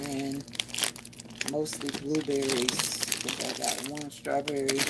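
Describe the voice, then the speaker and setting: Low-voiced woman with a country twang. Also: heavy background noise. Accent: Southern US country twang. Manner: chatty, rambling, talks to viewers while busy with chores. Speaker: vlogger. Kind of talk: casual vlog chat while cooking.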